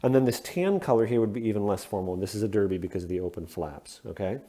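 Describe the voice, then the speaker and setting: Mellow-voiced Midwestern man explaining shoes. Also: on the low side, quick pace. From Midwestern United States. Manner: plain-spoken, explains step by step with frequent "okay?" check-ins. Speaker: shoe hobbyist host. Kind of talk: casual instructional explanation.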